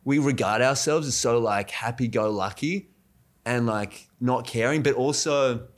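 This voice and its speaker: A man with an Australian accent, a comedian guest chatting casually, animated and slipping into mock voices. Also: medium pitch, unhurried. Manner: animated, mimics voices, many restarts. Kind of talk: casual podcast chat.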